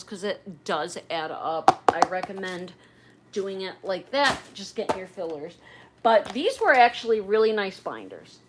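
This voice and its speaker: A middle-aged woman chats through a casual livestream with a voice of ordinary pitch. She rambles from one thought to the next and keeps turning to her viewers. Faint noise sits under her voice. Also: low-quality recording. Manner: chatty and rambling, addresses viewers directly. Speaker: livestream host.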